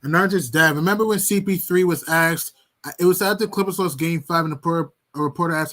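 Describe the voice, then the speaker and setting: A man with a high voice who talks fast in a casual sports chat. He jumps in with short, emphatic remarks. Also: a bit bright.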